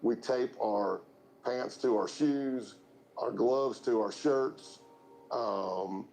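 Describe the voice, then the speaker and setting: A man recounting his past undercover work, animated and acting out the dialogue himself. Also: medium pitch, drawn-out words, soft background music, poor audio. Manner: animated storyteller, acts out dialogue. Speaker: former undercover informant. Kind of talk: recounting events in an interview.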